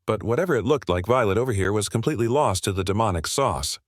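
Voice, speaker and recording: A man's voice: on the low side, lively intonation, fast talker, no room sound, clean studio sound. A man narrating a comic recap in a casual, slangy, breezy way.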